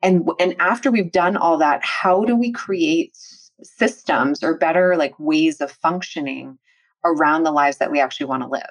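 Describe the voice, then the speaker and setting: Woman podcast host with a low voice and a dry, close sound, encouraging and thoughtful. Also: normal speed, dry recording, poor audio. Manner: warmly affirming, long winding questions. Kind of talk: interview podcast hosting.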